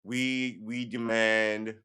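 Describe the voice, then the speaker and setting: A man's voice: lowish voice, flat delivery, extremely slow, bright, forceful tone, clear, resonant tone. A man talking casually on a livestream, rambling and profane, with sarcastic asides. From United States. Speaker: livestream host.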